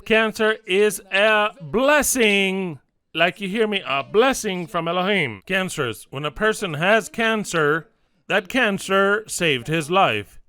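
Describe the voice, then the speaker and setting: A man's voice: sits high, a little slow, clear, resonant tone. A man preaching a sermon, emphatic and repetitive, acting out little stories as he goes. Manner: emphatic, repetitive, lively storytelling.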